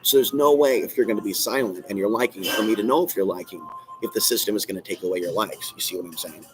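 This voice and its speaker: A man's voice: lowish voice, fast talker, over music, low-quality recording. A man hosting a live stream, ranting in an agitated, rambling, repetitive way from a coffee shop. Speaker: channel host.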